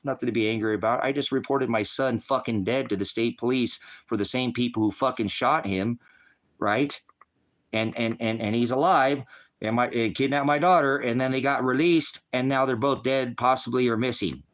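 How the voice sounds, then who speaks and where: A man's voice: mid-range voice, moderate pace, a bit bright. A man delivering a heated, profane livestream rant at his viewers, mixing insults with scripture quotes. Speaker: online preacher and streamer.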